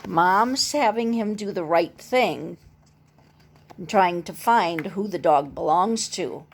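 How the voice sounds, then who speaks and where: A woman reading a picture book aloud in a gentle way, adding her own comments. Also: lowish voice, takes it slowly. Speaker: storybook reader.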